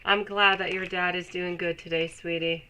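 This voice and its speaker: A woman's voice: on the low side, little pitch movement, normal speed, bright, forceful tone, a little hiss or hum, low-quality recording. Woman with a stuffy cold reading tarot. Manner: chatty, affectionate, laughs often. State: nasal from a cold. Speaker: tarot reader. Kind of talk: live-stream tarot reading.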